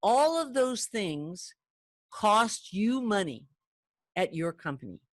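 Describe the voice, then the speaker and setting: Older female phone-sales trainer, chatty and animated, middle pitch, dry close recording. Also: takes it slowly, no echo. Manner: chatty, animated, acts out callers' lines. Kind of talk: training talk to camera.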